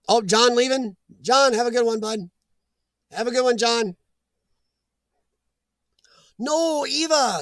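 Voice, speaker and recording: A man's voice: sits high, a bit bright, no echo, studio quality. An American man hosting a casual live stream chat, rambling and reading viewer comments aloud.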